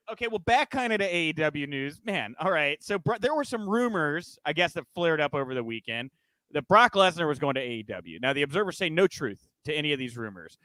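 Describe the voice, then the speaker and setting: Man, podcast host, casual news chat, fairly high voice, dry close sound. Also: bright, forceful tone, dry recording, poor audio. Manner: loose and chatty, lots of fillers, jokey asides.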